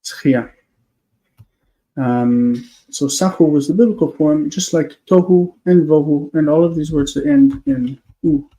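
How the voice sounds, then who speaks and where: A man with a fairly high but mellow voice teaches on a live stream. He explains patiently, step by step, pausing on fillers as he thinks aloud. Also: expressive, poor audio. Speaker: Hebrew teacher.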